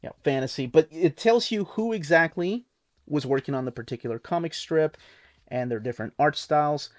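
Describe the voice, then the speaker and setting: Speaking at a normal speed in a fairly high-pitched voice, a man flips through comic books and reviews them in a loose, excited, filler-heavy way. He's an adult book reviewer who watched reruns in childhood. The studio-quality recording has no room sound.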